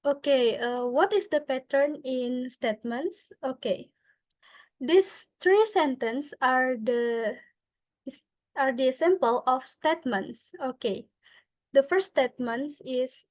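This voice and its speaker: A young Indonesian woman with a clear Indonesian accent gives a class presentation, and her high voice moves slowly. She stops often on fillers and switches between English and Indonesian. The sound is close and dry, with no room around it. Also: dry recording. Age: young adult. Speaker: student presenter.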